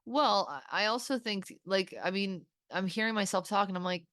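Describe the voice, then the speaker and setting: A woman hosting a podcast, talking candidly and swearing freely, with halting restarts. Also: medium pitch, fairly bright tone, no echo, studio quality. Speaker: podcast host. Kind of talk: candid therapy-style conversation.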